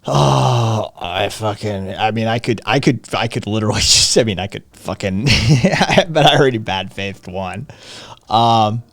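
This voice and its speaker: A man's voice: on the low side, measured pace, vocal fry, a bit bright, dry recording. A man hosting a live stream in casual chat, loose and profane, often laughing. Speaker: streamer host.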